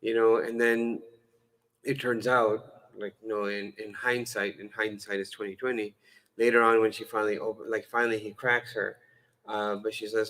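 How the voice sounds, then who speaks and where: Speaking at a moderate pace with a lowish, fairly flat, slightly bright voice, this Islamic lecturer delivers a sermon like a lecture but keeps it humorous and conversational. Fillers and self-corrections come often, and he voices characters in acted-out dialogue. The recording is rough.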